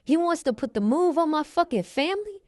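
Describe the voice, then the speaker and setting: A woman voicing a furious, jealous man who yells and curses at his partner. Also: high-pitched, animated, brisk, no room sound, clean studio sound, pitched above the performer's own voice. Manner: yelling, cursing.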